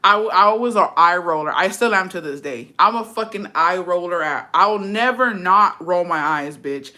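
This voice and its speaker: Sassy, profane young woman with a lively voice. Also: lowish voice, normal speed. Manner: profane, sassy, laughs often. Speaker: streamer reading chat. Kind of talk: casual live-stream chat.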